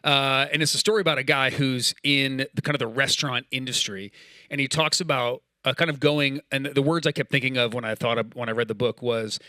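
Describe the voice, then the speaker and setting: Bright-voiced man preaching casually. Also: mid-range voice, no room sound, studio quality. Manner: casual, storytelling, acts out quoted dialogue. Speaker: pastor. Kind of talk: sermon with personal story.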